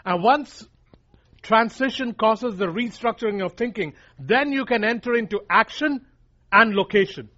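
Delivering an emphatic sermon at a moderate pace, this preacher has a notably high, expressive voice with a sharp tone. He restates his key points for emphasis and addresses listeners directly as "guys," on a dull, lo-fi recording whose top end is muffled.

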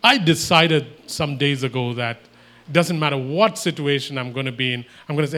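Male preacher, voice on the higher side, emphatic, sermon delivery. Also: brisk, sharp tone. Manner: emphatic, repetitive, voices imagined exchanges.

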